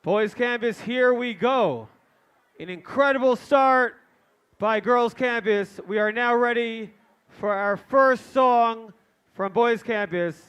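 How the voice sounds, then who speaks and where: A man emceeing a live event, announcing from the stage and shouting to the crowd. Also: very high-pitched, takes it slowly, smooth.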